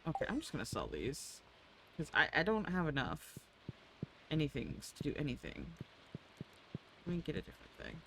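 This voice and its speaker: A woman streamer muses aloud as she plays, her pitch bouncing up and down as she talks. She swears freely and coos at her animals, and a steady layer of noise sits under the voice. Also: moderate pace, pauses often, low-quality recording. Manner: chatty, swears freely, coos at pets in game. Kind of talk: casual gameplay chat.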